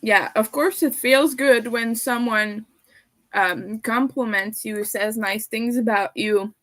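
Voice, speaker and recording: Young woman rambling slow on a live stream, eating and chatting, voice a bit high. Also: a bit bright, rough recording. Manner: chatty, talks while eating. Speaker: livestreamer and crocheter. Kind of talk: casual livestream chat.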